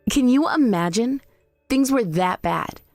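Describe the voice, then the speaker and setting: A woman voicing a calm, pointed young daughter-in-law in a text-message story drama. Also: a little high, measured pace, no echo, soft background music. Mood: cool. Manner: calm, cutting.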